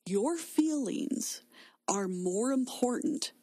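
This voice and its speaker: A woman's voice: fairly high pitch, lively intonation, takes it slowly, dark tone. A woman co-hosting a faith talk show, speaking with emphatic conviction.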